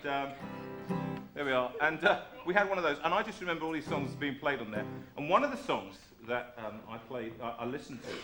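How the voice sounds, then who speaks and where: A man's voice: a little high, reverberant. A man hosting a live music show, telling jokey stories to his audience between songs. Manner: playful, jokey, chatty with the audience. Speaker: host and singer. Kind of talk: live show chat and comic story-song. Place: music room of a live stream.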